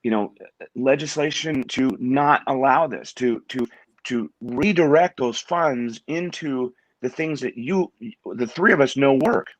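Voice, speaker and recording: A middle-aged man from Washington State, a guest in an interview, talking in a halting way and often repeating words as he restarts his sentences. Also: mid-range voice, no room sound. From Washington State, USA. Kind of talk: conversational interview.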